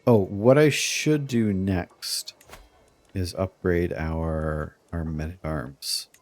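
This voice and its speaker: A man's voice: sits low, slow pace. A man streaming a strategy game, giving chuckling, playfully scheming let's play commentary.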